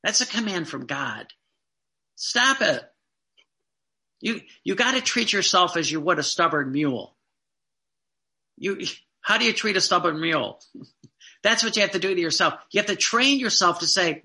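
A man preaching a fervent sermon, with emphatic repetition and slow, stressed phrases. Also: high-pitched, expressive, sharp tone.

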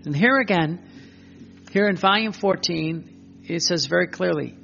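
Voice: medium pitch, unhurried, vocal fry, long pauses, a bit bright, lo-fi sound, a little hiss or hum. A preacher giving emphatic spoken religious teaching, repeating phrases and asking rhetorical questions.

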